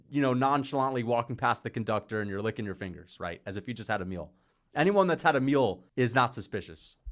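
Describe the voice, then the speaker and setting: Rambling joking male livestreamer. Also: medium pitch. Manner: rambling, joking, laughs often; drops into mocking impressions. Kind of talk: casual livestream rant.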